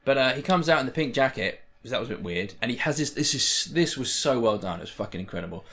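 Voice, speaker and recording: A young man chatting casually as a vlogger, excitable and rambling, swearing freely. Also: mid-range voice, fast talker. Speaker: wrestling vlogger. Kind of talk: casual chat.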